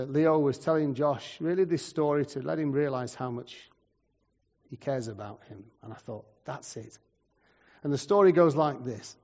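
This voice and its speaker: Man, sermon, conversational storytelling, long reverb, dull muffled sound. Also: fairly high pitch. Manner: conversational, swings between loud and quiet. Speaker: preacher.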